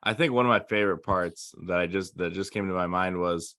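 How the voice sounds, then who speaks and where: Bright dry-voiced man retelling scenes. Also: sits low, a little fast, no room sound. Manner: laughing animated retelling. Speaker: podcast co-host. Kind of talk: casual chat.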